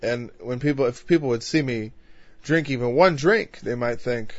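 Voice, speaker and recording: A man leads an informal Bible study in a loose, conversational way and keeps asking his listeners rhetorical questions. His voice sits at an ordinary middle pitch. The recording is dull and lo-fi, with a dry sound and no room echo. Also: moderate pace. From northern Illinois, USA. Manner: conversational, rhetorical questions, frequent "you know".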